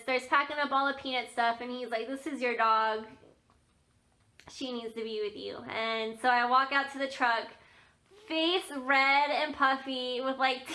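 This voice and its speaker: A woman's voice: high voice, pushed and bright. A young woman vlogger chatting to the camera, telling stories in a chatty way with many fillers and little laughs. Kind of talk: casual chat to camera.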